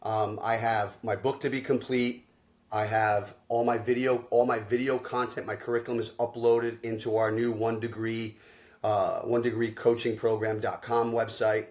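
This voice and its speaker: A man who works as a life coach and hosts a podcast. He tells stories in an energetic, slangy way and acts out the dialogue he quotes. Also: lowish voice, normal speed. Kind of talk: animated storytelling conversation.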